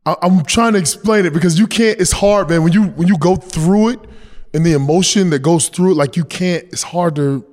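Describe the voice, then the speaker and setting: Casual man with a fairly high voice in a hall. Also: fairly quick, darkish tone. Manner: loose, repeats himself, restarts often. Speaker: guest, NBA champion. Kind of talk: casual interview chat.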